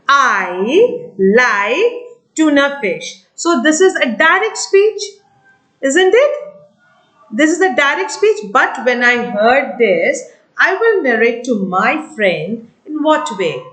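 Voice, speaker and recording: A woman with an Indian English accent teaching a recorded grammar lesson, who explains slowly and keeps asking "right?" to check that the class follows. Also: high voice, a bit bright, echoey room.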